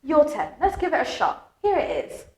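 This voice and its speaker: A woman's voice: high-pitched, wildly swooping pitch, normal speed, roomy sound, low-quality recording. A British woman teaching English pronunciation, speaking melodically and stressing key words with exaggerated emphasis. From Britain. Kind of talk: lively explanatory lesson.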